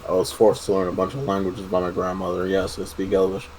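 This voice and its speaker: A man's voice: low voice, monotone, fast talker, a little mellow, a little hiss or hum, lightly acted. A man voicing a male adventurer in a tabletop game, speaking in a dry, matter-of-fact way. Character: male character, wry polyglot adventurer.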